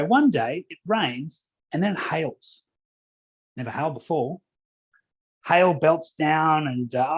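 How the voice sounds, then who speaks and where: A man's voice: a little high, muffled recording. Upbeat man giving a keynote talk. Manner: conversational storytelling with fillers. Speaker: keynote speaker. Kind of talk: motivational conference talk.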